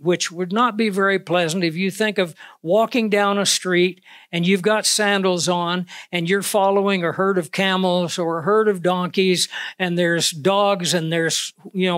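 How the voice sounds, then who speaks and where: A man preaching a sermon in an earnest way, slowing down to stress key words, speaking into a clip-on microphone. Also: sits high, a bit bright, no echo, studio quality. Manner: earnest, with slow emphatic pauses on key words. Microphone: wearing a clip-on microphone.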